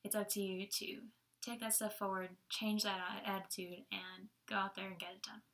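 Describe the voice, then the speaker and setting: A woman's voice: medium pitch, flat delivery, normal speed, a bit bright. A young woman giving a casual Sunday devotional talk, chatty, laughing often and using many fillers. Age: young adult.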